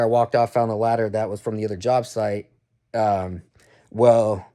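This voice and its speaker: A man's voice: mid-range voice, darkish tone. A man telling a story about a tense job in a casual, rambling way, with frequent restarts. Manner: rambling, restarts, heated retelling. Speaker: vlogger.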